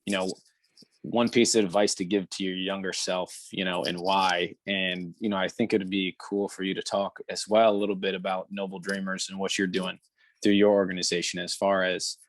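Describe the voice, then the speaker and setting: A man cohosting a podcast, asking questions in a relaxed, casual way with plenty of fillers. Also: deep voice, normal speed, no room sound.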